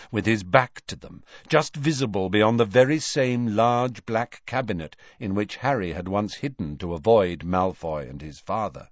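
Male audiobook narrator, slow measured delivery, very lively pitch, dry muffled recording. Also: dry recording. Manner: measured, expressive reading. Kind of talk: scripted narration.

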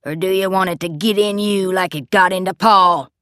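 A volatile, menacing father, dark and unhinged, swinging from slow, eerie murmurs to bellowing rage, as a woman narrator puts him on. The sound is dry and close, with no room around it. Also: low-pitched, lively intonation, no echo, heavily acted.

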